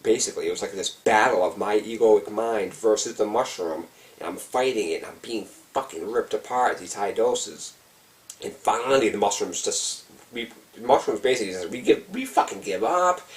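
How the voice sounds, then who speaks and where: Man, lowish voice, casual storytelling, intense, swears a lot, acts out his racing thoughts, distant mic. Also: moderate pace. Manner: intense and heavily profane, reenacting his own frantic thoughts. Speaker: vlogger. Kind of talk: casual first-person storytelling. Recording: voice set back from the mic.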